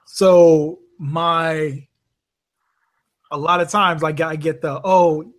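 He speaks slowly in a fairly high voice: a Bermuda-raised rideshare driver appearing on a podcast. Swapping stories in a casual chat, he's an animated narrator who swears freely and mimics the voices of those he quotes.

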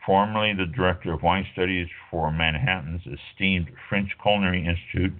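Low-voiced man over a tinny line. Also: fairly even intonation, brisk. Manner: rambling, filler-heavy, self-correcting. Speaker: wine show host. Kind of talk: casual talk radio monologue.

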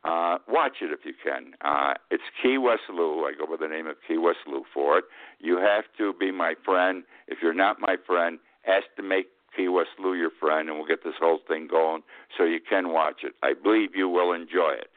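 A man's voice: deep voice, moderate pace, no room sound. An older man hosting a talk radio show, giving a rambling, folksy, opinionated monologue full of restarts. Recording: tinny phone-like radio line.

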